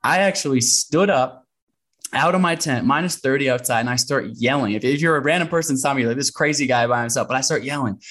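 Animated man telling a story. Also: on the high side, a little fast. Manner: animated storyteller who acts out his inner voice. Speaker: guest, adventurer and author. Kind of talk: podcast conversation.

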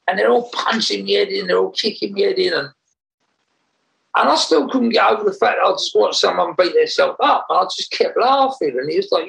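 A man recounting a story in a casual interview, animated and rambling, often laughing as he talks. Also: high-pitched, fairly quick, gravelly, poor audio. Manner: animated, laughs while telling, rambling restarts. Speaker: interview guest.

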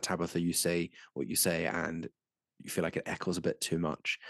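A man running a tabletop game as game master, narrating scenes in a measured, descriptive way. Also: sits low, creaky, no room sound, studio quality.

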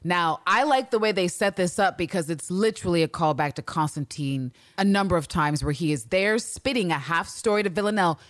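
A woman co-hosting a podcast, recapping a TV episode in casual, animated chat, swearing freely and acting out characters' lines. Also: fairly low pitch, fairly quick, hardly any pauses, dry recording, studio quality. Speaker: podcast co-host.

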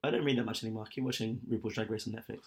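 A man's voice: lowish voice, steady tone, rapid-fire, vocal fry. A young man chatting candidly and at length, rambling with lots of fillers. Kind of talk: casual chat.

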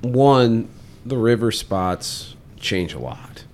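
A man talking casually on a podcast as a fishing guide, relaxed and chatty, with quick bursts and easy laughs. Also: fairly low pitch.

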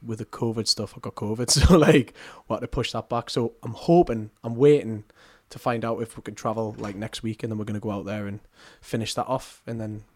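A man's voice: on the low side, fairly even intonation, fairly quick, few pauses, a little mellow. Chatty young man, casual musician guest. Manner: chatty, self-deprecating, laughs often. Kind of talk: casual chat.

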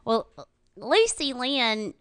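A woman chatting as a podcast guest, candid and quick to laugh. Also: a little high, very animated, a bit bright. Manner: giggly, candid. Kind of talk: casual chat.

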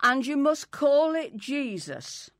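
A woman's voice: sits high, very animated, slow, a bit bright, dry recording, clean studio sound, pitched above the performer's own voice, full character voice. A woman voicing a bossy, insistent child playing the angel in a nativity.

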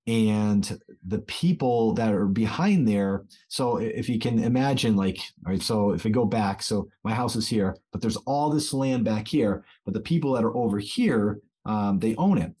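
Man, thirties, husky voice, animated storyteller, casual chat. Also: lowish voice, normal speed, few pauses. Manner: animated, acts out quoted voices. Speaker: teacher and children's author.

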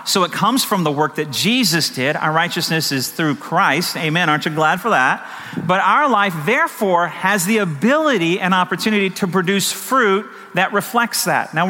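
A man's voice: sits high, pushed and bright. A middle-aged man preaching a sermon as pastor, talking conversationally with rhetorical questions and stories. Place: church sanctuary. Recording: long hall reverb.

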